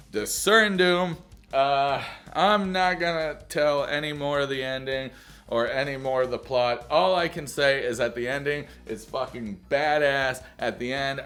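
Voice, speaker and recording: A man's voice: medium pitch, fairly bright tone. A man rambling through a casual, jokey movie review, loose and self-mocking, swearing often.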